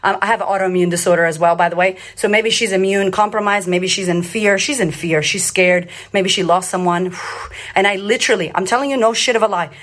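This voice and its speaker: A woman's voice: mid-range voice, brisk. A woman giving a blunt, profane, emphatic solo monologue as a confidence coach and podcast host, telling stories with lots of energy. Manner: animated storyteller.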